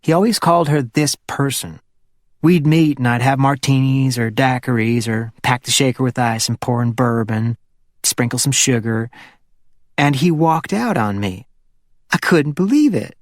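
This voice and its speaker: A man's voice: normal speed, no room sound, clean studio sound, natural voice. A man voicing a playful, flirty wealthy woman in her fifties with a Hollywood Southern accent, chatty and teasing. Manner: teasing and chatty, sliding up into a higher voice.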